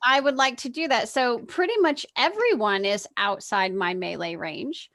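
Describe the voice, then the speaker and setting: A woman's voice: a little high, moderate pace, a bit bright. A woman playing a tabletop game, eagerly explaining her character's abilities and moves. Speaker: player.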